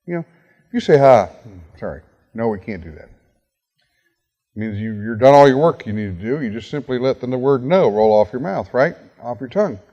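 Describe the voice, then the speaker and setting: A man's voice: medium pitch, lively intonation, moderate pace, warm tone, dull audio. A middle-aged man giving a talk as a guest speaker, telling a story and acting out the dialogue with lots of energy. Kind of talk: storytelling talk to a university audience. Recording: long hall reverb.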